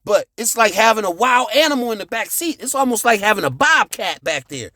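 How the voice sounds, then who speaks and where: Animated, high-voiced male storyteller. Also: fairly quick, dry recording, clean studio sound. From United States. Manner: animated, with sound effects and shouted reenactments. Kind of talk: profane street storytelling.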